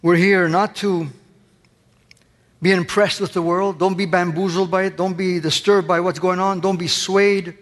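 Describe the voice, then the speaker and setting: A man's voice: high-pitched, flat delivery, normal speed, long reverb tail. A man preaching a sermon as pastor, impassioned, pressing his congregation with rhetorical questions.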